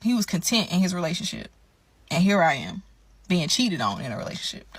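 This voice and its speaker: A young adult woman telling an emotional storytime monologue, animated and indignant, often turning to her listeners as y'all. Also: fairly low pitch, a little fast, slightly rough, no echo.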